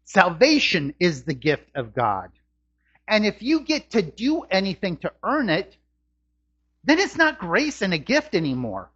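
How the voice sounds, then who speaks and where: A man's voice: high-pitched, huge pitch swings, a little slow, fairly bright tone, husky. A man preaching a sermon as a pastor, earnest, his voice climbing on rhetorical questions. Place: church sanctuary. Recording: dull lo-fi church recording.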